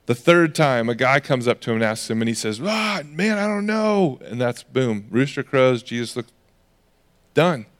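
A man's voice: medium pitch, moderate pace. A man preaching a sermon in a conversational way, acting out the voices of people in the stories he tells. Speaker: pastor.

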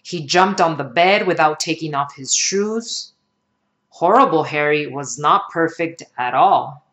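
A woman reading a children's picture book aloud in an expressive storytelling manner. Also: low-pitched, unhurried. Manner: expressive, sing-song storytelling.

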